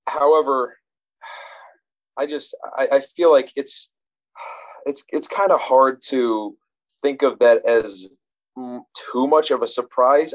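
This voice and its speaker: A man's voice: mid-range voice, highs cut off. A man in casual conversation about a film, thinking aloud with frequent restarts. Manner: rambling, many restarts and fillers, reflective. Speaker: podcast co-host discussing a film.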